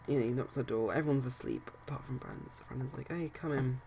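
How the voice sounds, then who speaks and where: A man's voice: medium pitch, steady tone, quick pace, gravelly, darkish tone, slight background noise. A man casually narrating his life-sim game let's play, rambling with many hesitations and restarts. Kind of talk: casual game commentary and storytelling.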